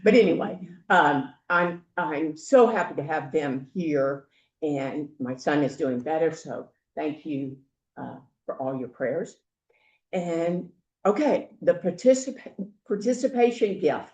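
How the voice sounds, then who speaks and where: A woman's voice: low-pitched, animated, a little mellow, echoey room. Chatty older woman hosting a meeting. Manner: chatty, halting, with many fillers. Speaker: meeting host. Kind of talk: casual welcome remarks. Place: meeting room.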